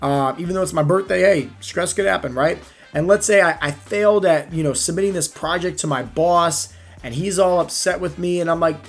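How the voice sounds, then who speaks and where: A fat-loss coach with a slightly high voice talks in an energetic, casual motivational style. He keeps the listener engaged with stories and frequent check-ins. Soft music plays faintly underneath. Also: brisk.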